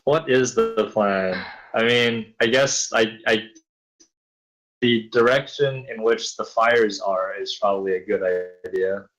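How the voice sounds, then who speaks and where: A man's voice: on the low side, slow, a bit bright, rough recording. A man playing a tabletop game, hesitant and trailing off as he decides. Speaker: player. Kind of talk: tabletop role-play.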